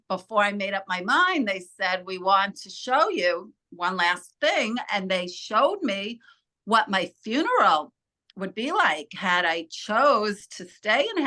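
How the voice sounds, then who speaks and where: A woman being interviewed as a spiritual healer, earnestly telling a personal story with halting restarts. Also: medium pitch, bright, forceful tone.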